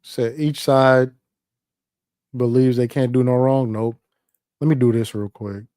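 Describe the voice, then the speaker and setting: A man hosting a live stream, talking in a casual, animated, profane and rambling way. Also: mid-range voice, unhurried, clean tone, no room sound, clean studio sound. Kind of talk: casual livestream commentary.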